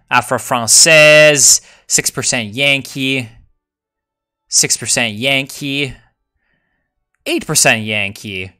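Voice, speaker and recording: A man streaming a strategy game and reading chat. He is excitable and profane, and he swings from mumbled asides to loud outbursts. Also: medium pitch. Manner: excitable, profane, jumps between mumbling and shouting. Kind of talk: live gameplay commentary, reading chat.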